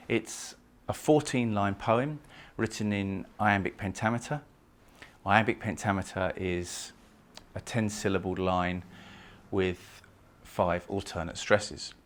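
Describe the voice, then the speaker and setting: A man giving a recorded poetry lecture who reads verse aloud and talks with lively emphasis, pushing key words up in pitch and volume. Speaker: literature lecturer.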